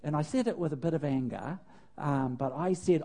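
An older man, a preacher, telling a personal story in a sermon with animated, self-mocking humor and laughing at himself. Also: on the high side, moderate pace.

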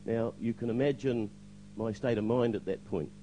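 A man's voice: mid-range voice, normal speed, dark tone, dull audio, a little hiss or hum. An older man giving a spoken testimony to a church congregation, hesitant with fillers, now and then acting out the lines he quotes.

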